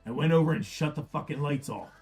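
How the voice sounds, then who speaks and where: A man's voice: a little high, fast, darkish tone. Rambling profane Philadelphia man. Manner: rambling, profane, frequent restarts. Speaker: card break host. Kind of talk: casual storytelling on a livestream. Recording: faint music behind.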